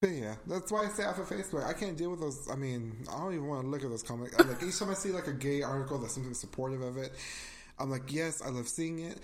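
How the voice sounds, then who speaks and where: A man co-hosting a casual podcast chat, sassy and animated, swearing freely and laughing often. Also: mid-range voice, fast, very noisy. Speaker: podcast co-host.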